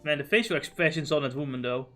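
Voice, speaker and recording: A man's voice: fairly high pitch, quick pace, bright, forceful tone, soft background music. Playful man reading game dialogue aloud. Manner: playful, swearing asides. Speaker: streamer. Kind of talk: game dialogue read-along with commentary.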